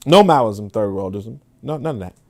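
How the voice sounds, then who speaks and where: A man hosting a podcast livestream, reading comments and reacting in casual, animated commentary with swearing and repeated words. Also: on the low side, moderate pace. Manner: animated, profane, repeats himself. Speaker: podcast host.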